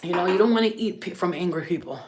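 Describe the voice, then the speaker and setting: Lowish, expressive and darkish in tone, this woman talks fast. She's of Albanian background and hosts a spiritual healing channel, ranting casually and unscripted to camera, bluntly and profanely, rambling with many fillers.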